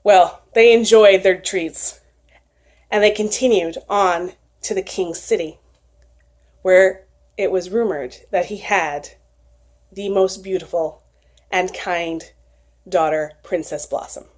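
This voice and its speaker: A woman retelling a folktale aloud in an expressive, animated storytelling manner. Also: lowish voice, slow pace, pauses often.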